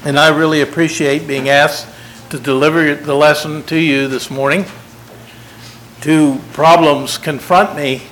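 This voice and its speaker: An older man preaching a sermon, folksy and self-deprecating, unhurried. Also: on the high side, fairly even intonation, fairly bright tone, a little hiss or hum, low-quality recording.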